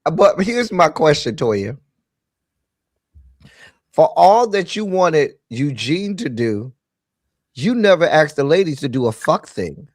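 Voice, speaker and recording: A man's voice: fairly high pitch, very animated, takes it slowly, pauses often, no room sound, studio quality. A man on a casual panel, talking in a heated, emphatic and profane way.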